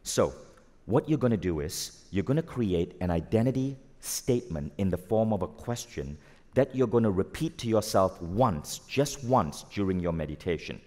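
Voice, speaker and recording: Man, lowish voice, live motivational speaker working an audience, lively and direct, long reverb of a large hall. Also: moderate pace. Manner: energetic, asks the audience questions, acts out quoted voices.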